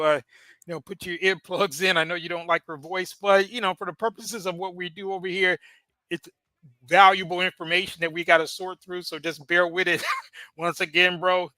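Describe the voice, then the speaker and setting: A man's voice: sits high, bright, forceful tone, no room sound. A man hosting a podcast in casual commentary, talking loosely with fillers and frequent laughs. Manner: conversational, laughs often, many fillers. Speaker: podcast host.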